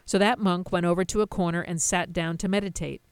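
A woman's voice: on the low side, steady tone, brisk, clean tone, no echo. A woman teaching a Buddhist sutta, retelling its story with plain asides. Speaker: dharma teacher.

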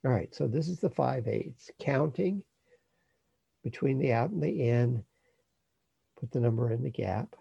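A man calmly teaching breath meditation, speaking in a slow, measured way that trails off softly at the ends of phrases. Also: mid-range voice, gravelly, breathy edge, dry recording, dull audio. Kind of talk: guided meditation instruction.

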